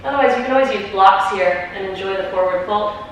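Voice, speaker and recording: A woman teaching a yoga class, calmly cueing each breath and pose step by step, a little out of breath. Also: mid-range voice, fast, heavy reverb, recorded from a distance, a little hiss or hum, poor audio. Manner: calm, encouraging step-by-step cueing. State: slightly out of breath. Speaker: yoga instructor. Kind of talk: guided yoga class cues.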